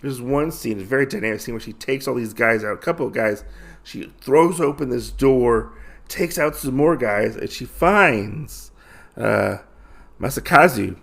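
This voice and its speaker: Retelling a comic story on his podcast, this man speaks at medium pitch with lively intonation, fairly bright tone, and some vocal fry. He goes a bit slowly, enthusiastic and loose, using plenty of fillers.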